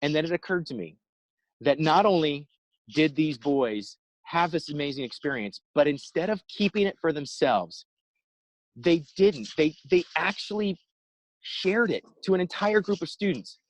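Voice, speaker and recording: Guy telling a story on a video call, kinda high voice, acts out the quotes, dry close sound. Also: expressive, normal speed, no echo, poor audio. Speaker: inspirational speaker.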